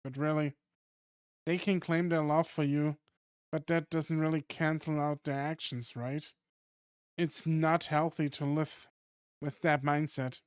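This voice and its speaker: Gentle protective man, calm and soothing, unhurried, smooth clear voice, read by a man playing him. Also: fairly high pitch, dry recording, studio quality, natural voice. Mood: earnest. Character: gentle, protective adult male caretaker in a fight league.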